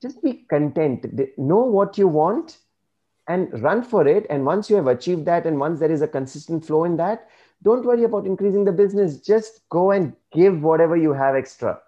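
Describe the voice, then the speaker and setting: A man speaking as an interview guest, earnest and measured, giving reflective advice. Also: fairly high pitch, expressive, dark tone, dull audio.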